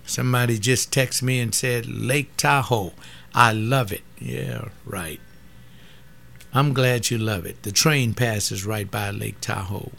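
A man's voice: medium pitch, fairly even intonation, slow, gravelly, fairly bright tone, a little hiss or hum. A man of seventy giving an impassioned webcast monologue as its host, rising to outrage. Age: 70s. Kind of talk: casual monologue commentary.

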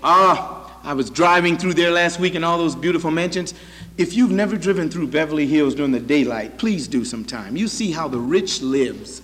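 A man's voice: on the high side, lively intonation, moderate pace, a bit bright, in a large hall. A male preacher giving an emphatic, repetitive sermon, speaking directly to his congregation in a church.

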